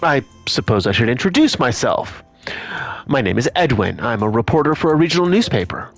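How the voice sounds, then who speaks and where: A man voicing a male newspaper reporter who talks fast and eagerly, boasting a little. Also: medium pitch, very animated, faint music behind. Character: brisk, self-important male newspaper reporter.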